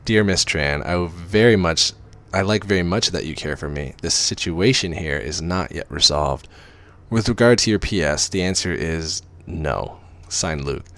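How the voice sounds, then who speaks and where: A man reading the emails of a formal, commanding man, in a measured, dryly teasing manner. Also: low-pitched, fairly bright tone.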